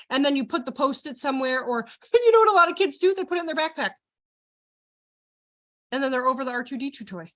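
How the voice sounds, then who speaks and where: High-voiced, animated woman trainer. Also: quick pace, long pauses. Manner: animated, acts out voices, laughs often. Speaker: child care trainer. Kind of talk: live online training presentation.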